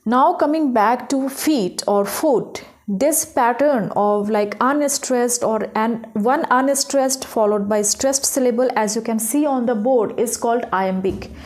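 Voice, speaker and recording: A woman's voice: on the high side, a little slow, few pauses, a little mellow. A young woman giving a recorded literature lecture, explaining step by step and checking in with "okay?" and "right?". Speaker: English literature teacher.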